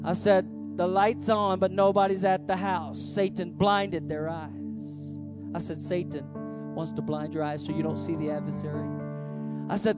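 A man preaching a sermon as the pastor of a church service, emphatic, swinging between loud declarations and hushed lines. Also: high voice, flat delivery, a little slow. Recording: faint music behind.

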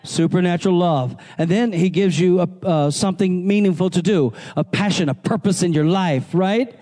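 A man preaching a sermon in a church service. He calls out to the congregation, mixes in jokey asides and builds up to shouting. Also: sits high, normal speed. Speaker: pastor.

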